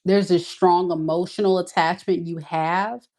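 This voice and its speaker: A woman's voice: on the low side, steady tone, unhurried, darkish tone. A woman giving a casual tarot reading, talking in a blunt, sassy, emphatic way. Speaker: tarot reader.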